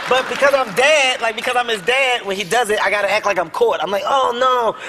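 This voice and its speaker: A man from Philadelphia telling comic stories as a talk show guest, laughing and yelling his punchlines. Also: sits high, fairly even intonation, quick pace, over a noisy crowd. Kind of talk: comedic storytelling. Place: television studio with audience. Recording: loud studio audience laughter, noisy.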